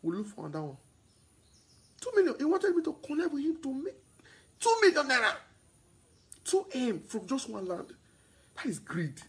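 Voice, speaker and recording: A man's voice: very high-pitched, normal speed, long pauses, breathy edge, rough recording. A man with a Nigerian accent talking about real estate to his viewers, mixing Pidgin into his English and repeating himself as he gets worked up. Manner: mixes Pidgin into English, repeats himself, turns loud and excited. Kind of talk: sales broadcast monologue.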